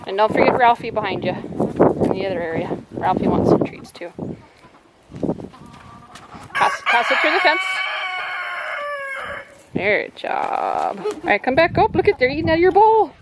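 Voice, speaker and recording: Chickens cluck nearby as a mother who vlogs her homestead shows her small son how to feed them, giving him brief instructions again and again with patience. She speaks in a high voice with big pitch swings, unhurried and pausing often. It's outdoor camera audio with the farm sounds coming through clearly.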